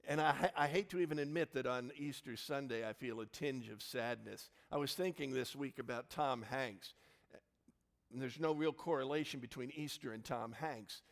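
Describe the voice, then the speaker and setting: A man, the pastor of a church, preaching an Easter sermon in a storytelling manner with swings into loud exclamations. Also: medium pitch, normal speed, vocal fry, in a large hall.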